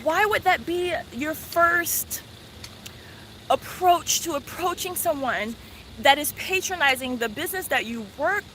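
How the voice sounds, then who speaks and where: A woman vlogger telling a story in a casual, earnest, animated way, with many fillers. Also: sits high, unhurried, slight background noise.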